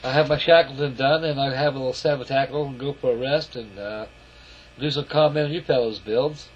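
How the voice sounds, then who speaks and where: A man's voice: medium pitch, steady tone, brisk, a little hiss or hum. Folksy rambling man, lo-fi camera audio. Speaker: scale model builder. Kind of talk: casual model-building video narration.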